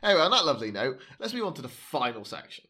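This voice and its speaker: A man's voice: mid-range voice, very animated, rapid-fire, very noisy. A man hosting a podcast, joking, swearing freely and mockingly reading reviews aloud. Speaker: podcast host. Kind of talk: casual podcast banter.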